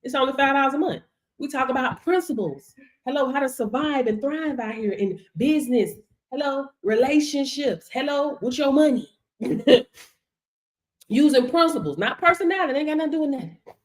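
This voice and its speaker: With a lively, high voice at normal speed, this woman runs a laid-back livestream through her streaming setup. She plays the business mentor, sermonizing with sass, slang and plenty of laughter.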